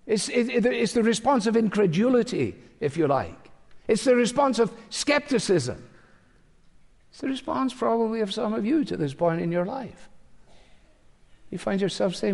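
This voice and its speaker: An older man delivers a sermon in a slightly high voice, conversational and dryly humorous. The sound carries a long echo from a large church hall. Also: lively intonation, normal speed, vocal fry, darkish tone. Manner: conversational preaching with wry humorous asides. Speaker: pastor.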